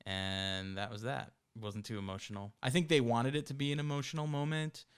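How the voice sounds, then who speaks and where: A man's voice: medium pitch, flat delivery, a little fast, clean tone. A man co-hosting a movie podcast, rambling casually and restarting his sentences. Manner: rambling, many fillers and restarts. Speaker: podcast co-host. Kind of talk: casual chat.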